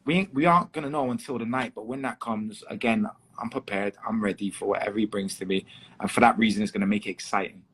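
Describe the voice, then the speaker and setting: A man with a Liverpool accent, a guest fighter in a casual podcast chat, talking quickly and repeating himself as he works through his points. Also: fairly low pitch, a bit bright, breathy edge. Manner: quick, repetitive, chatty.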